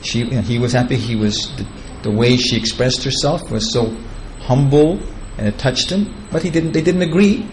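Man, spiritual teacher, devotional storytelling, chatty and digressive, chuckles often, middle-pitched, faint background hum. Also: moderate pace, few pauses, poor audio. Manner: chatty and digressive, chuckling at his own asides.

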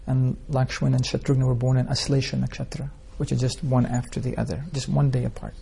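A spiritual teacher speaks briskly and flatly at medium pitch, his voice creaky, mellow, and breathy at the edges. His informal scripture class is full of rambling stories and rhetorical questions aimed at the listeners.

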